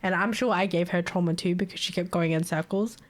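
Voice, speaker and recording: A woman's voice: fairly low pitch, steady tone, brisk. A young woman, chatting casually with her live stream viewers, swearing freely and laughing often.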